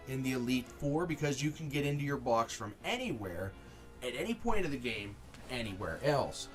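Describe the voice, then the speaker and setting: A man streaming a video game, talking in a halting, angry, exasperated way, swearing often and restarting his sentences. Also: a little high. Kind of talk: frustrated gameplay commentary.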